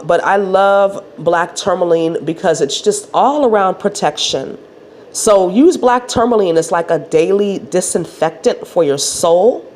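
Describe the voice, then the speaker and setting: A woman's voice: lowish voice, darkish tone. A woman who works as a spiritual wellness coach, talking casually to her viewers in a nasal, encouraging way. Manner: encouraging, reassuring. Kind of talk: casual spiritual talk to camera. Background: faint space heater hum.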